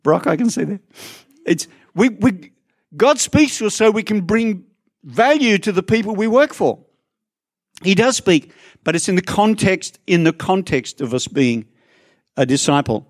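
Aussie pastor guy preaching, kinda high voice, dry close sound, chatty asides to the crowd. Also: lively intonation, measured pace, no room sound. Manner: conversational, chatty asides to the congregation. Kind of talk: sermon. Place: church in front of a congregation.

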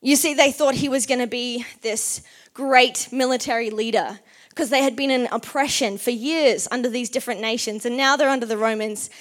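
A woman's voice: on the high side, steady tone, normal speed. A woman giving a casual sermon, chatty and full of "like", acting out the people in the story as she retells it. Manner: chatty, uses "like" often, acts out quotes. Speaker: preacher.

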